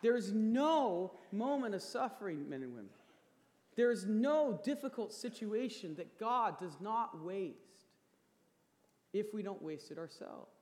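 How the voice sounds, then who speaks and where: A man's voice: high voice, sing-song, measured pace, darkish tone. A male pastor in his thirties preaching a sermon, earnest and building to emphatic peaks. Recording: long hall reverb.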